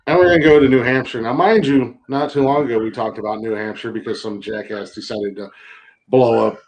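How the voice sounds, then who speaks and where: A man's voice: medium pitch, steady tone, fairly quick, rough recording. Laid-back wry middle-aged man. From Johnstown area, Pennsylvania. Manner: laid-back, wry, swears, reads out news stories. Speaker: podcast host. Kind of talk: casual chat.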